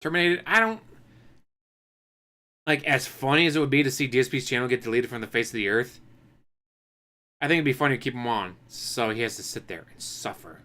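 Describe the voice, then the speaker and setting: Male streamer, bright tone, sarcastic casual commentary with mocking asides. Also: mid-range voice, lively intonation, fairly quick, pauses often.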